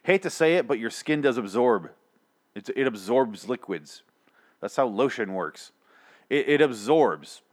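A man talks through a show recap in a loose, unscripted monologue. He rants with heavy profanity, piles on sarcastic asides, and stumbles through fillers and restarts, all in an average-pitched voice. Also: animated, unhurried. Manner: ranting, sarcastic, frequent swearing and fillers.

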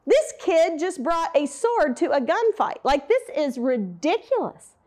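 A proud giant warrior scoffs in disbelief, his voice pitched high and sneering, as a woman preacher acts him out in her talk. He rants with mocking outrage. He sounds insulted just by the sight of his opponent. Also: very animated, measured pace, a little mellow. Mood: scornful. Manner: mocking, incredulous ranting.

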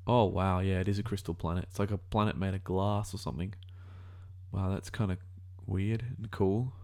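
A man's voice: sits low, flat delivery, normal speed, vocal fry, warm tone. A man in his twenties with an Australian accent, rambling through casual reaction commentary and thinking aloud, often correcting himself mid-sentence. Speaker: video reactor.

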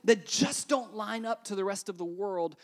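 A pastor preaching a sermon in a chatty, animated way, often checking in with "right?" and swinging between quiet and loud. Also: mid-range voice, normal speed. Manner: conversational, with frequent "right?" asides.

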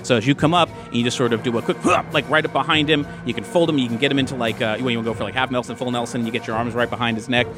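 A man running a tabletop game, narrating in a loose, casual way full of fillers and restarts. His voice sits at an ordinary middle pitch, with faint music playing under the talk. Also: steady tone, rapid-fire, few pauses. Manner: casual, hesitant, filler-heavy. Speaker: game master.

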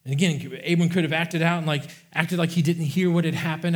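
A man preaching with fervor, his voice sitting a little higher than most men's. He repeats phrases and stumbles over restarts as he drives each point home. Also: fairly even intonation, brisk, hardly any pauses. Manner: impassioned, repetitive preaching with many restarts. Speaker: pastor. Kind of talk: sermon.

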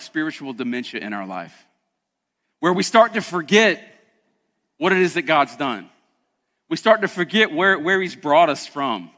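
A man's voice: high voice, pushed and bright, in a large hall. A man preaching a sermon as pastor, emphatic and conversational, often calling out to the congregation.

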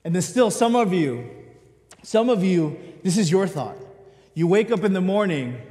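High-voiced man preaching in a reverberant hall. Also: animated, moderate pace, mellow. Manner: conversational, direct address to congregation. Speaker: pastor. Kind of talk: sermon.

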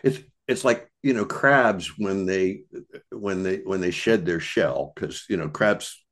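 Older American man, very low register, unhurried reflective storyteller with frequent restarts; podcast guest. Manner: meandering, thoughtful, with many restarts and pauses.

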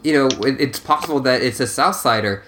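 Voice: medium pitch, brisk, fairly bright tone, a little hiss or hum. Laid-back podcast co-host. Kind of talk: casual recap chat.

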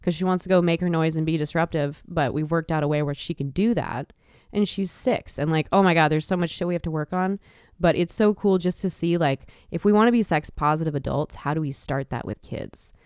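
A woman's voice: low-pitched, a little fast, a little mellow, smooth, dry recording, clean studio sound. A woman in her thirties hosting a casual chat, talking candidly with frequent swearing and laughter. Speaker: podcast host.

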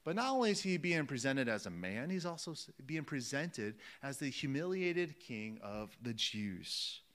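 A man's voice: mid-range voice, very animated, normal speed, a bit bright. A man preaching a sermon, emphatic and repeating phrases for weight, calling his listeners friends.

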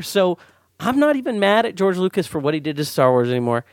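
A man hosting a casual podcast chat, animated and rambling, quick to laugh and swear. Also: sits high, no echo, clean studio sound. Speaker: podcast host.

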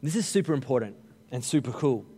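A man's voice: mid-range voice, expressive, fast, warm tone, slightly rough, long reverb tail. A man in his thirties, a pastor giving a conversational, humorous sermon with stories. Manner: conversational, humorous storytelling preaching.

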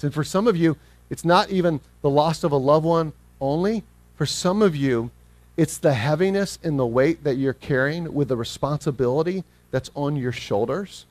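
A man preaching a sermon as pastor, earnest, reading scripture slowly and acting out the people in the story. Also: fairly high pitch, darkish tone, dry recording. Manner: earnest, acts out scripture quotes; slows down when reading scripture.

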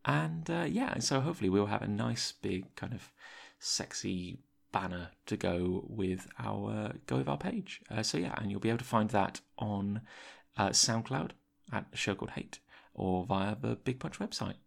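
A man hosting a podcast, delivering a whispered solo interlude in a hushed, raspy voice with many fillers. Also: lowish voice, expressive, moderate pace, hardly any pauses. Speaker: podcast host. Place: editing suite, early morning.

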